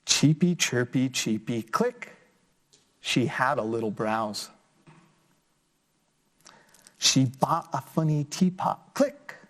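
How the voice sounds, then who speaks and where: A man teaching a children's lesson, reading a picture book aloud with expressive jumps up in pitch on the sound words. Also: takes it slowly, pauses often.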